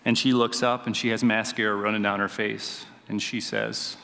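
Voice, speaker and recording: A man's voice: lowish voice, level tone, normal speed, vocal fry, hardly any pauses, pushed and bright. A man giving a motivational conference talk as a chiropractor, telling stories with self-deprecating humor and asking the audience questions. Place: conference stage before a live audience. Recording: reverberant event hall.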